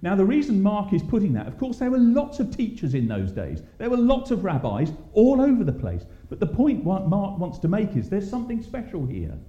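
Man leading Bible study, animated delivery, dark tone, echoey muffled hall. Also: sits high, brisk, few pauses. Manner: asks the group questions, many fillers. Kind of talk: interactive church Bible study. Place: church hall.

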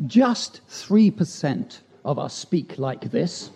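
A man's voice: on the high side, big pitch swings, slow pace, gravelly, hardly any pauses, mellow, husky. A man at a church gathering, reciting a humorous rhyming poem with chatty, self-deprecating asides between verses. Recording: dull lo-fi recording.

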